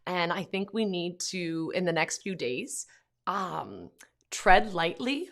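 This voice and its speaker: A woman's voice: on the low side, expressive, takes it slowly. A woman, a mother, talking casually to camera in a vlog from home, with lots of "like" and "um" fillers. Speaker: Catholic pro-life vlogger, mother.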